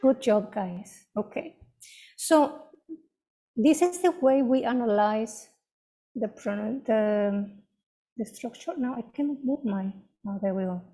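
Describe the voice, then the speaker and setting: A woman with a Mexican Spanish accent leads an online English lesson over a video call. Her voice sits a little high with a mellow, soft tone, and she keeps checking in with her students. She sounds patient and encouraging. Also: takes it slowly, pauses often. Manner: encouraging, checks with "right?" and "okay?". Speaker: English teacher. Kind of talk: online class teaching.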